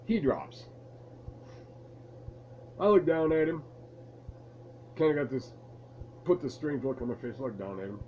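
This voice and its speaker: A man's voice: medium pitch, animated, unhurried, pauses often, darkish tone, muffled recording, a little hiss or hum. A man casually telling a rambling, amused story to camera in a room at home. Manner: laid-back, rambling, amused. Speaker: vlogger telling stories from his past. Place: room at home lit by a lamp.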